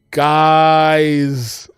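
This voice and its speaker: A man's voice: a little high, clear, resonant tone, no echo, clean studio sound. A man streaming his game coding in casual talk, exasperated, swearing often and talking to his chat.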